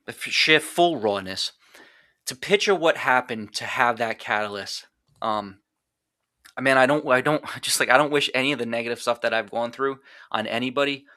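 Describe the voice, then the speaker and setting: Blunt, swearing man with a bright voice. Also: mid-range voice, no room sound, clean studio sound. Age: adult. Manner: raw, blunt, heavy swearing, restarts. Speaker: podcast guest. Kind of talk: emotional personal storytelling.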